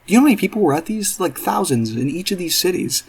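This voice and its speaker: Husky man ranting with sarcasm. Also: high voice, expressive, fast talker. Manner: profane, sarcastic, exasperated ranting. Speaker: commentary YouTuber. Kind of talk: reaction commentary.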